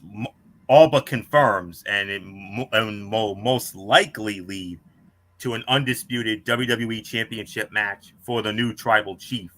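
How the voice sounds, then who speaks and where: A man co-hosting a wrestling podcast, reading out a scripted match review with star ratings in a measured way. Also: on the low side, sharp tone.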